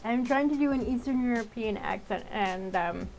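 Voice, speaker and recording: A woman's voice: a little high, moderate pace, gravelly, a little mellow, faint music behind, low-quality recording. A woman playing a story game and chatting through it in a playful way, thinking aloud. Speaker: let's-play gamer. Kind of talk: gameplay commentary.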